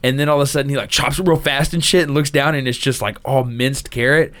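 A man co-hosting a casual movie-discussion podcast, excited and quick to jump in, swearing casually. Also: mid-range voice. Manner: excited, talks over others, casual swearing.

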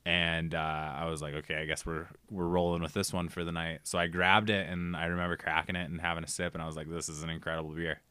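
A man's voice: low voice, little pitch movement, fast talker, hardly any pauses, bright, forceful tone, clean tone, no room sound. A young man from Minnesota, a podcast guest telling loose, rambling stories in casual chat. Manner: rambling storyteller, loose and chatty.

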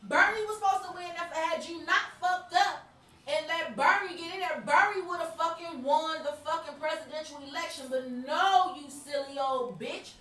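High-voiced woman ranting, echoey room. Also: moderate pace, fairly bright tone, recorded from a distance. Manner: blunt, heated, cursing freely. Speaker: podcast co-host. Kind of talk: profane political rant. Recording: echoey room, voice set back from the mic.

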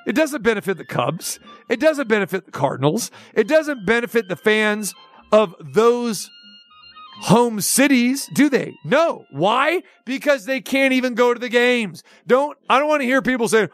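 High-voiced ranting sports radio man. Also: normal speed, faint music behind. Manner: animated ranting with mock questions and sarcasm. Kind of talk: opinionated sports talk.

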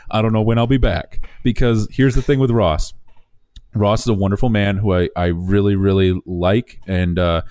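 A man casually telling the story of buying a business, animated, acting out quoted dialogue with restarts. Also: fairly low pitch, normal speed, no echo. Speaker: small business owner telling his story.

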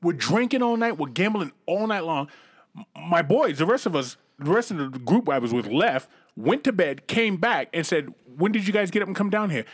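A man telling stories in casual podcast banter, animated and laughing often, swearing freely. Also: high voice, moderate pace. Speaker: podcast co-host.

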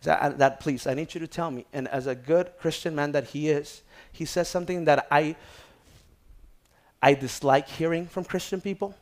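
A man preaching a sermon, moving from hushed prayerful tones to loud exhortation and calling out to his congregation. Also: fairly high pitch, moderate pace. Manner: calls out to the congregation for response. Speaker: pastor.

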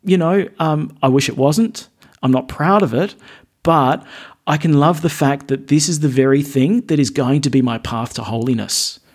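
A man's voice: fairly high pitch, normal speed, a little mellow. A man with an Australian accent, a Catholic priest speaking as a podcast guest in casual chat, earnest and witty, often repeating phrases for emphasis.

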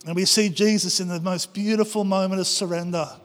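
A man's voice: sits high, fairly even intonation, brisk. A man preaching a passionate sermon to his church, acting out prayers and quotes. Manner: impassioned, acts out prayers and quotes. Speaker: pastor. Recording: long hall reverb.

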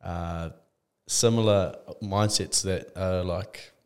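Low, flat-voiced male podcast host. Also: slow pace, clean tone. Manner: relaxed, swears casually. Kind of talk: casual interview chat.

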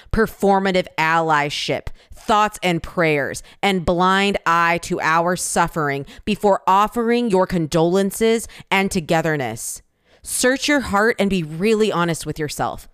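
A woman's voice: fairly low pitch, clear, resonant tone, no room sound, clean studio sound. A young Asian American woman giving an impassioned personal statement, emphatic and pointed, with insistent repeated phrases.

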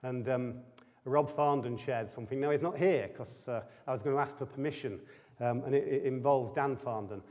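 A man's voice: mid-range voice, normal speed, darkish tone. A man preaching a sermon to a live audience, chatty and full of rhetorical questions and humorous asides. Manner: conversational, keeps asking the audience rhetorical questions. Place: church hall with an audience. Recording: long hall reverb.

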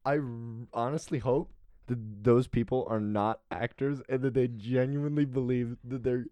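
A man's voice: mid-range voice, fairly even intonation, normal speed, no echo, dull audio. A young man chatting casually on a podcast, playful and laughing often, slipping into jokey put-on southern accents. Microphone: close studio mic.

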